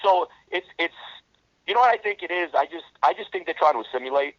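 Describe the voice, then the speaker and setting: A middle-aged man, telling rough street stories in a casual interview, blunt and heavy on the swearing. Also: a little high, lively intonation, quick pace, dry recording. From New York. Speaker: interview guest. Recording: dull lo-fi dry recording.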